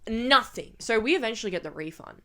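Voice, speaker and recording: A young woman in her twenties from Australia telling a storytime vlog, ranting and swearing with animated energy. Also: a little high, a little fast. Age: 20s. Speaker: vlogger.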